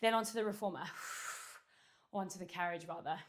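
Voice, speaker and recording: Recorded by a far-off camera, this Pilates instructor speaks at a normal speed in a fairly low voice. She's working out at home with dumbbells, out of breath, calling cues and counting reps as she goes.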